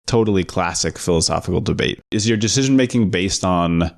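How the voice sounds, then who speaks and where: Man, very low voice, thoughtful podcast co-host, casual film talk. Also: a little fast. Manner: thoughtful, builds arguments step by step.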